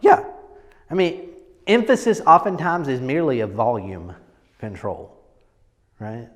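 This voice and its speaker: A man's voice: mid-range voice, expressive, measured pace, big-room sound. A man coaching a group on presentation, talking casually and emphatically and often checking in with "right?". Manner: emphatic, repeats words, lots of "right?". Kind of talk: casual teaching talk.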